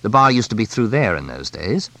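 A man's voice: on the low side, very animated, brisk, bright, forceful tone, no room sound, heavily acted. Man voicing a chuckling middle-aged bush pilot. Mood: amused. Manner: chuckling, breezy, expansive. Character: jovial middle-aged male bush pilot, settled in Kenya.

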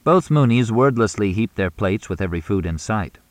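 A man with a low voice reads an audiobook in a measured, even manner. The sound is dry and close, with no room around it. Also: no room sound. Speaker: audiobook narrator. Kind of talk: scripted narration.

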